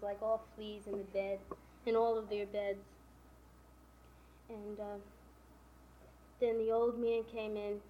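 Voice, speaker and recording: A woman casually retelling the plot of a novel, stringing events together with "and then" and "you know". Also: medium pitch. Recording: dull lo-fi recording with faint hiss.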